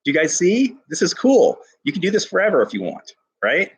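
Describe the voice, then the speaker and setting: A male teacher giving an enthusiastic poetry lesson to his class, reading lines slowly and stressing each syllable. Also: high-pitched, huge pitch swings, husky.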